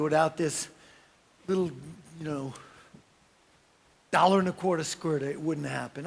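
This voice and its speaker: A man delivers a motivational keynote at a business conference. His voice sits high for a man and has a gravelly edge. He tells stories with energy, jumping into the voices of the people in them. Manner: animated storytelling with acted-out voices and shouts. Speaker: keynote speaker. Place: conference hall.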